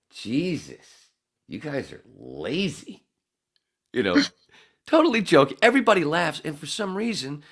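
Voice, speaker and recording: A man hosting a podcast, telling a rambling, profane story in casual chat. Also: fairly low pitch. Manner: profane, rambling, animated when acting out the story. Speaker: podcast host.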